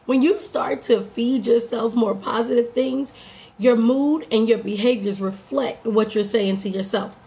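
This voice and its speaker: A woman coach delivers a motivational morning talk with a slightly raised pitch and a gravelly edge to her voice. She is a bit hoarse today. She speaks upbeat and direct, like a preacher rallying her listeners. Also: fairly even intonation, unhurried, dark tone. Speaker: life coach and podcast host.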